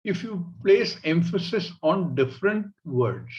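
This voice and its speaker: A man with an Indian English accent, teaching a scripture class in a measured way and acting out everyday examples. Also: high voice, very animated, darkish tone, highs cut off. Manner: measured, illustrative, acts out examples. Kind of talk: spiritual class lecture.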